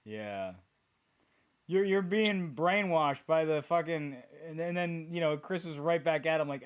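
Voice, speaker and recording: A man co-hosting a casual podcast, reacting with frequent laughter and quick jokes. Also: on the high side, smooth. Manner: laughs often, short reactive interjections. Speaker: podcast co-host.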